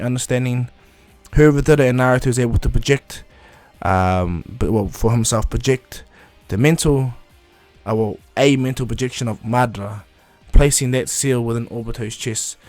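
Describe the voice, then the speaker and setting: A man's voice: medium pitch, a little mellow, no room sound. A man casually retelling a fan story, rambling with restarts and fillers.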